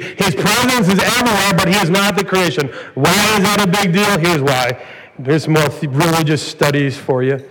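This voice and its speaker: A man preaching a sermon as pastor, earnest and building to emphatic peaks. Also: a little high. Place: church sanctuary. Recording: church hall reverb, faint noise.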